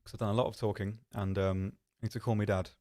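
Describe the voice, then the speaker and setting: A man's voice: fairly low pitch, level tone, fast talker, warm tone. A man hosting a live stream, chatting casually in a rambling, self-deprecating way with lots of ums. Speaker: stream host.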